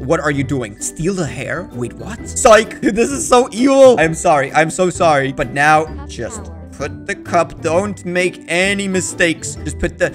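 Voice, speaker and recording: A man giving playful, excitable commentary on a game playthrough, talking to the characters on screen. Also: a little high. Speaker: gaming YouTuber. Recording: music playing under the voice.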